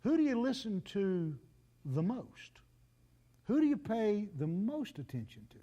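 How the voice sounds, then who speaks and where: Man, 50s, pastor, folksy joking sermon, high-pitched voice. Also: big pitch swings, a little slow, warm tone, highs cut off. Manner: folksy, joking, conversational with the congregation.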